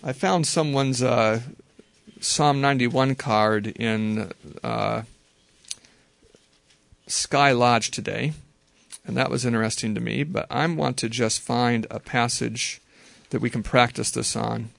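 A man teaching a group how to read the Bible, talking in a relaxed, conversational way and slowly repeating verses. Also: medium pitch, vocal fry, dry recording. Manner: relaxed, conversational, slow careful repetition.

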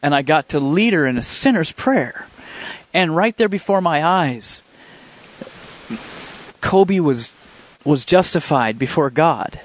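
A man's voice: on the high side, animated. A man telling his faith testimony in an earnest, emotional way, often restarting his sentences. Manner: earnest, halting storytelling with many restarts; fervent and emotional. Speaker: speaker sharing a faith testimony. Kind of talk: personal faith testimony storytelling.

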